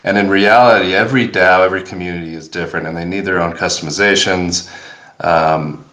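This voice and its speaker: A man with a very deep voice talks casually and a little rambling, stopping often with fillers. His voice rings in a roomy, echoey space. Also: steady tone, brisk, a bit bright. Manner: rambling, hesitant, self-deprecating. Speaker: co-presenter and moderator. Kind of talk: casual conference talk. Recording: roomy echo.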